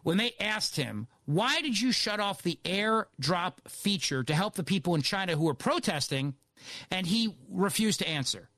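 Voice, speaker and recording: Animated, sarcastic male talk radio host. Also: high voice, moderate pace, no echo. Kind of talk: opinionated talk radio monologue.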